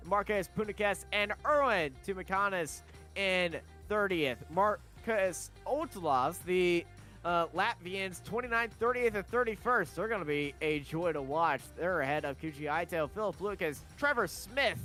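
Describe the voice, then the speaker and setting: A man commentating a sim race, calling qualifying and reading off the starting grid in brisk play-by-play. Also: high-pitched, sharp tone, soft background music.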